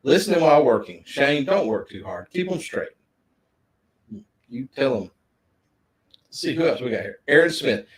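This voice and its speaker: A man's voice: medium pitch, sing-song, moderate pace, pauses often, low-quality recording. A middle-aged man, chatting casually on a livestream and greeting viewers by name. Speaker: livestream co-host.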